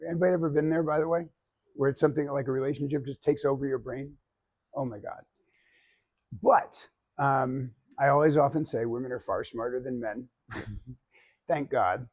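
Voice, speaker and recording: A man teaching public speaking, giving an animated, joking demonstration speech straight to his class. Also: mid-range voice, moderate pace, long pauses. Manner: animated and joking, addressing the audience directly.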